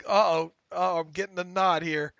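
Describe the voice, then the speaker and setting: A man co-hosting a casual sports talk podcast, excitable, often stammering and repeating words as he reads listener questions. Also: high voice, brisk, gravelly, no echo. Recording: dull lo-fi audio.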